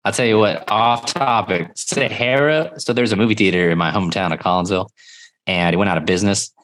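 Male podcast co-host, low voice, loose and chatty with fillers. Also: a little fast. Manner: rambling, filler-heavy, loud bursts when quoting yells. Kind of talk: casual chat.

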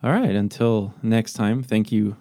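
Swearing, animated male podcast co-host. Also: on the low side, unhurried, no echo, clean studio sound. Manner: animated, swears a lot, trails off into laughs. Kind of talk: casual chat.

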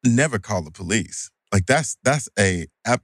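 Brief: low-pitched male co-host, dry close sound, steady and earnest. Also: moderate pace, no echo. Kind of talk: casual podcast conversation.

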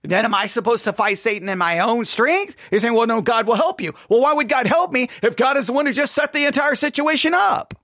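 A man's voice: extremely high pitch, expressive, brisk, few pauses, fairly bright tone, no echo, clean studio sound. A man reviewing a sermon in critical commentary, perplexed and questioning, often stammering as he restarts his thoughts. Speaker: podcast host reviewing a sermon.

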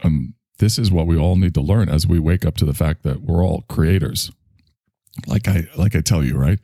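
A man's voice: sits low, normal speed, dark tone, dry recording, studio quality. A man hosting a stream, talking in a rambling, self-reflective way and swearing freely. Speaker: stream host. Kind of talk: casual monologue to an online audience.

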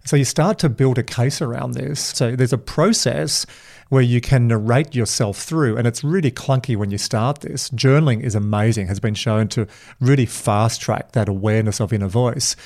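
A man hosting a podcast in an upbeat, emphatic way. His voice sits at a middling pitch, and he tells animated stories with punchy stresses. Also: moderate pace, creaky. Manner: energetic, emphatic, animated storytelling. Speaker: podcast host. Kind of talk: casual podcast chat.

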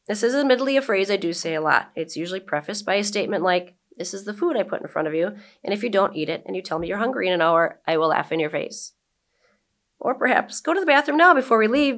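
A woman in her forties, a guest chatting casually in an interview and then reading her own blog aloud. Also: medium pitch. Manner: relaxed and chatty, reads with emphatic quoted lines. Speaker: guest, blogger and brewery owner.

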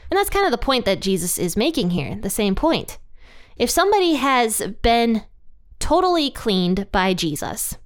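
Smooth-voiced woman teaching the Bible casually. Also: fairly high pitch, sing-song, normal speed. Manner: chatty, laughs lightly between points. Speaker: Bible study host.

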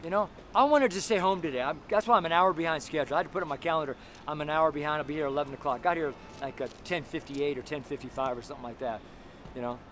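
A tired man preaching loudly and bluntly on a city street, speaking to passers-by. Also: fairly high pitch, racing. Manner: loud, blunt and fervent, talking to passers-by. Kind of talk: outdoor street sermon. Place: city street with walls around. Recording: faint city street noise. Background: traffic and street noise.

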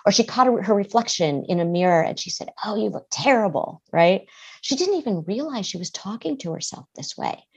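A woman's voice: medium pitch, very animated, a little fast, hardly any pauses, a little mellow, breathy edge, highs cut off. A middle-aged woman, a therapist and author, speaking earnestly as a guest in a podcast interview. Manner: earnest, acts out quoted voices.

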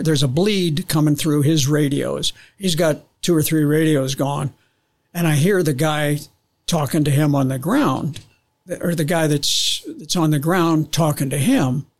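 A man's voice: on the high side, measured pace. An older man, a guest on an interview show, telling a long story with restarts and acting out radio calls. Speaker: guest, veteran pilot.

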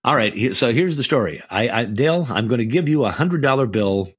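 A man's voice: mid-range voice, expressive, fairly quick, slightly rough, no room sound, studio quality. An older man hosting a podcast, telling stories in a casual way with many restarts and repeated words. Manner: storytelling, frequent restarts and stammered repeats. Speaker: podcast host.

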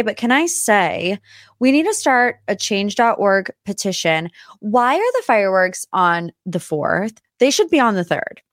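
A woman's voice: medium pitch, no echo, studio quality. A young adult woman hosting a solo pop-culture podcast in casual chat, talkative and prone to tangents. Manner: chatty, tangent-prone, animated asides. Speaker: podcast host.

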